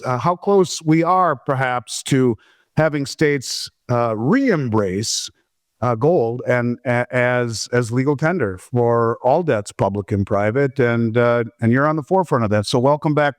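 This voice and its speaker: A man's voice: medium pitch, dry recording. Male podcast host, chatty and rambling, dry close sound. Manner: friendly, rambling with many fillers and restarts. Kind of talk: casual interview chat.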